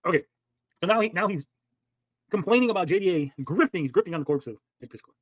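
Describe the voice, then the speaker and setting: A high-voiced man with lively intonation talks fast, and there's no room sound on the recording. He hosts a livestream where he reacts to clips, arguing heatedly and swearing constantly.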